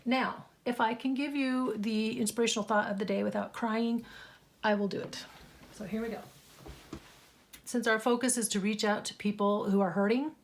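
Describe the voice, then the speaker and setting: A woman hosting a craft journal vlog, speaking in an earnest, slow and heartfelt way and reading a scripture passage. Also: fairly high pitch.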